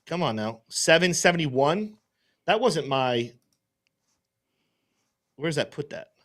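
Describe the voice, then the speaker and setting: Brief: male livestream host, a touch high-pitched, muses out loud in loose rambling chat. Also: big pitch swings, slow pace. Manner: thinking aloud, rambling with restarts. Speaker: host and trader.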